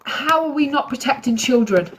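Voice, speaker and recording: A woman's voice: high voice, animated, normal speed, fairly bright tone, slight background noise. A woman hosting a true crime livestream, talking in an angry, ranting way. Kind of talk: live-stream commentary.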